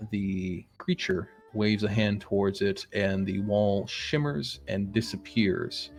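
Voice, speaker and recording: Man, dungeon master, low gravelly voice, hesitant narration, soft background music. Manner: halting, frequent "uh" fillers. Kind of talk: narrating a tabletop game.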